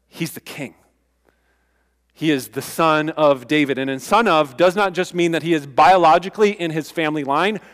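A man's voice: a little high, in a large hall. A man preaching a sermon as pastor, conversational and emphatic, with casual asides to the congregation.

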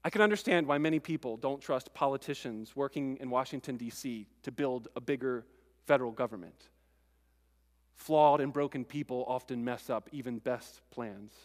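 A male pastor preaching a sermon, earnest and stirring, with relaxed conversational asides to the congregation. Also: on the high side, big-room sound.

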